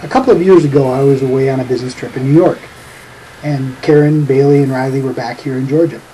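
A man's voice: medium pitch, fairly even intonation, quick pace, mellow, slight background noise, poor audio. A middle-aged man narrating a family anecdote for a home video with a dry, teasing humor, chuckling at his own jokes. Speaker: family storyteller.

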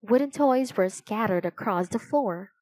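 A woman reading a children's chapter book aloud, telling it slowly and clearly. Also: medium pitch, animated, a little mellow, rough recording. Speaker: storybook narrator.

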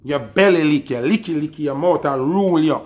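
Over soft background music, a Jamaican-accented man speaks fairly quickly in a fairly high, somewhat mellow voice. The social media personality is ranting in a diss video, mocking with contempt and repeating his insults.

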